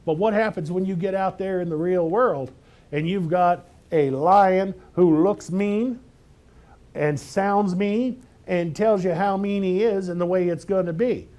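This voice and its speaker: A man's voice: sits high, measured pace, darkish tone. Emphatic male pastor preaching. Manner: emphatic, rhetorical questions, preaching conversationally. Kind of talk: sermon.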